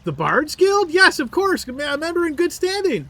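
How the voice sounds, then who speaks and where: Shrill, theatrical elf bard. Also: male voice, huge pitch swings, moderate pace, sharp tone, heavily acted. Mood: boastful. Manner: chatty, theatrical, stammering. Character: flustered boastful male elf bard captive. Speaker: game master. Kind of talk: tabletop role-play voice acting.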